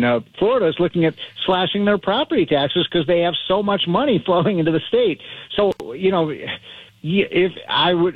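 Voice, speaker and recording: A male guest commentator on a dry, tinny phone line. He sits a bit higher in pitch than most men and talks emphatically, often restarting his sentences and chuckling. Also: no echo. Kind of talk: talk radio interview.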